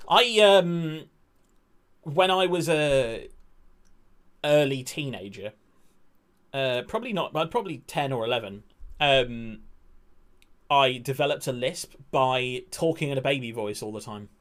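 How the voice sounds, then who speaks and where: A man in his twenties, rambling and excitable while commentating a football management game he is streaming, swearing now and then. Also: mid-range voice, moderate pace. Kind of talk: casual gaming commentary.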